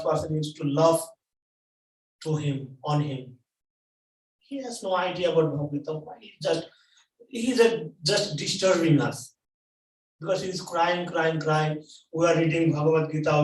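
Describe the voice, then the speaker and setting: A man preaching a sermon at a temple, telling a story in halting English and repeating phrases for emphasis. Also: fairly high pitch. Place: temple hall. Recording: echoey hall, mic at a distance.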